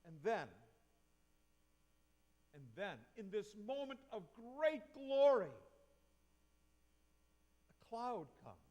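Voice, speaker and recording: Brief: male pastor, high voice, slow and questioning sermon delivery, long church reverb. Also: big pitch swings, a little mellow. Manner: reflective, asks the congregation questions. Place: church sanctuary.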